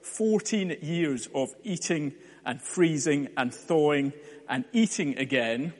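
Lively preacher in a reverberant hall. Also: male voice, a little high, slow. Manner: lively storytelling with playful asides. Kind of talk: sermon.

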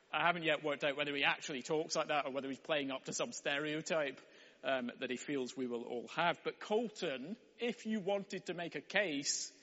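A man's voice: medium pitch, a bit bright. Guy preaching, chatty and a bit wry, big echoey church hall, kinda dull lo-fi sound. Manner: wry, conversational. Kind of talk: sermon.

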